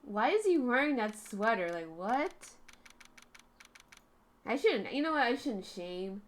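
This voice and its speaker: A woman's voice: a little high, very animated, measured pace. A woman streamer with a cold, chatting and joking casually as she plays through a game. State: has a cold.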